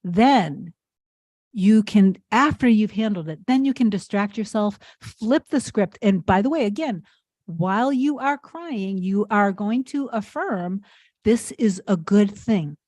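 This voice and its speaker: A woman's voice: mid-range voice, lively intonation, unhurried, darkish tone, no echo, clean studio sound. A woman manifestation coach talking casually to her viewers, earnest and encouraging, rambling with fillers and restarts. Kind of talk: casual advice talk to viewers.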